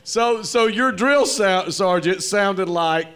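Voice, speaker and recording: A male host interviewing a guest on a comedy theater stage, halting through many false starts and restarts. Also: high voice, fairly bright tone. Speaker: interview host, club owner. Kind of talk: live interview.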